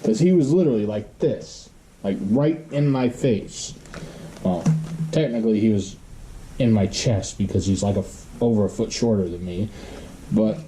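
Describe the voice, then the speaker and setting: A man telling a story in a casual monologue, blunt and profane, swearing constantly and pausing often as he goes. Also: on the low side, mellow, slight background noise.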